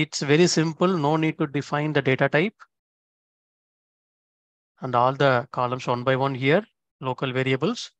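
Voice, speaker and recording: A man walks through code one step at a time, checking in with his listeners as he goes. His voice sits at a middling pitch and sounds dry and close, with no room around it. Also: a bit bright, no room sound. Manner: explains step by step, often checking in with "okay?". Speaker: instructor. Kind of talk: screen-recorded coding tutorial.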